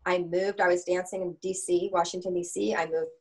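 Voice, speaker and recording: A woman in her sixties, a coach and author, answers interview questions with lively anecdotes. She slips into the voices of the people in her stories, speaking in a somewhat low register. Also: brisk, poor audio. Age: 60s. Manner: animated, anecdotal, acts out dialogue.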